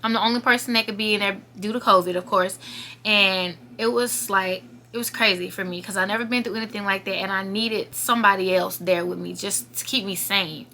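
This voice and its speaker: A young woman speaks right to her viewers in a home vlog, earnest and close to tears as she tells a hard story. Her voice is bright and forward, with a faint hiss and room sound under it. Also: mid-range voice, fairly even intonation, a little fast. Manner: earnest, emotional, talking straight to viewers. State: holding back tears. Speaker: YouTuber telling a personal story. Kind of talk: emotional storytime monologue.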